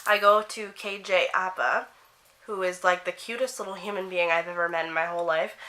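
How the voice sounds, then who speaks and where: Bright-voiced chatty teen girl vlogger. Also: on the low side, brisk, slight background noise. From Canada. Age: teens. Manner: animated, swearing, acting out quotes of friends. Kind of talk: chatty get-ready-with-me storytelling.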